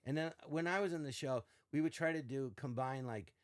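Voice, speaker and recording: A man's voice: on the high side, fairly quick, dry recording, studio quality. An older man, a podcast guest, telling stories in casual chat and acting out quoted lines with shifting voices. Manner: animated, acts out quotes in varied voices.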